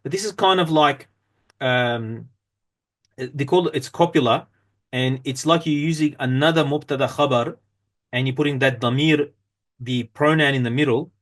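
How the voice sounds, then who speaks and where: A man's voice: medium pitch, moderate pace, long pauses, a bit bright. A man teaching an Arabic grammar lesson, reading from a textbook and explaining step by step with frequent fillers and self-corrections.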